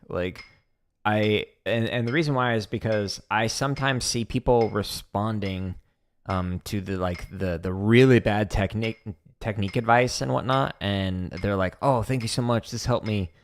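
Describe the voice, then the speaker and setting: Man, casual livestream chat, frequent laughs, gravelly fry, slightly low voice. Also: slight background noise. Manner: chatty, laughs often, mocking quoted voices. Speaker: drumming livestream host. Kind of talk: casual chat while practicing. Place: home practice room with drums.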